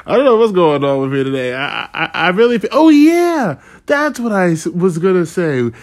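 A man in his thirties ranting in a casual, profane, rambling way, sarcastic and quick to laugh. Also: high-pitched, very animated. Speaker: podcast host. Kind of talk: casual rant.

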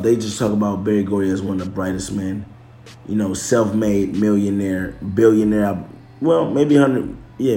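A man's voice: lowish voice, mellow. A man talking casually to camera, loose and slangy, swearing, restarting and correcting himself as he goes. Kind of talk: casual chat. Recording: echoey room.

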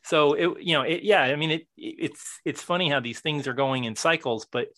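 A man's voice: a little high, normal speed, sharp tone. A man chatting as a podcast guest, rambling with many restarts. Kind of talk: casual chat.

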